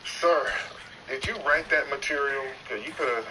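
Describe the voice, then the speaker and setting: A man hosting a live online chat, roasting callers in a teasing, mock-stern way with loud bursts. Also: medium pitch, normal speed. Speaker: host of a live audio chat stream. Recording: distant noisy online voice chat.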